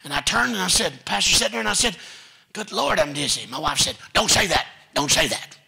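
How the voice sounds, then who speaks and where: A man preaching a sermon in a church, telling stories with folksy asides and building to shouted commands. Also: sits high, expressive, brisk, vocal fry, husky. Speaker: guest preacher. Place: church sanctuary.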